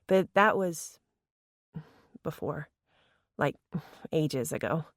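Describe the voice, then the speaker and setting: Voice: mid-range voice, animated, drawn-out words, fairly bright tone, no echo, studio quality, heavily acted. A narrator voicing a teasing teenage girl in an audiobook.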